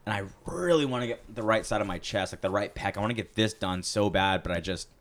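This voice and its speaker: A young man in relaxed, rambling conversation, trailing through stories with plenty of fillers and false starts. His voice sits a little low, and a slight lisp softens his consonants. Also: fast. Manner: rambling, storytelling with many fillers and restarts. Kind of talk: casual chat.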